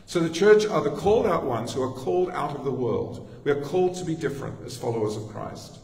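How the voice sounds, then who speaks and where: Australian man, pastor, conversational sermon, slightly high voice, distant mic, long church reverb. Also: animated, fairly quick, darkish tone. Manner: conversational preaching with asides and laughter. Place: church sanctuary.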